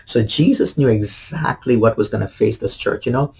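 A man's voice: medium pitch, brisk, creaky, few pauses, a little mellow, slightly rough, poor audio. A man, a pastor, giving a daily devotional sermon in an earnest way, repeating key phrases with many fillers.

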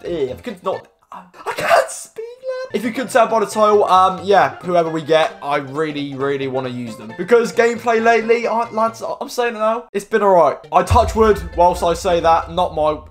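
Excitable lad, lively voice. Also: male voice, high-pitched, normal speed, few pauses, faint music behind. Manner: excitable, cheeky banter, yelps at plays. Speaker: gaming YouTuber. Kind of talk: casual gameplay commentary.

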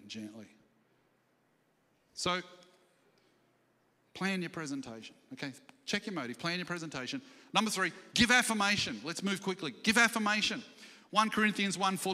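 A man preaching a sermon as senior pastor, animated and questioning the congregation, acting out scripture stories. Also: high voice. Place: church hall. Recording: church livestream with long hall reverb.

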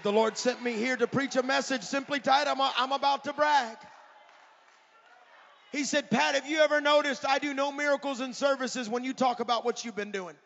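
A middle-aged man preaches a fiery revival sermon, shouting out and counting down to the crowd in a high, gravelly voice. His tone is bright and cutting, and he sounds like an evangelist at full tilt. The recording is dull and lo-fi, with a long echo from a large church hall. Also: fairly even intonation, normal speed, a little hiss or hum. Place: large church sanctuary at a conference.

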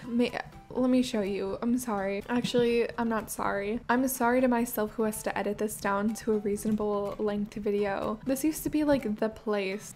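A woman hosting a casual gameplay video, rambling cheerfully and amusing herself as she plays, into a desktop microphone. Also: on the high side. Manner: rambling, bubbly, self-amused. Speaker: gaming channel host. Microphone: desktop USB microphone.

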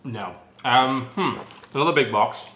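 A man's voice: mid-range voice, expressive, measured pace, sharp tone, echoey room. A man tasting snacks on camera in casual chat, grumbling and sarcastic. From United Kingdom. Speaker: snack taster.

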